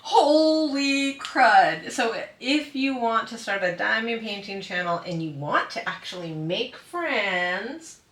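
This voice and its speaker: A woman's voice: animated, unhurried, few pauses, sharp tone, echoey room, recorded from a distance. A woman hosting a hobby channel, chatting casually to viewers and acting out what other people said. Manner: chatty, acts out quoted people in a higher voice. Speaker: diamond painting channel host. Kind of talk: casual chat to a live audience.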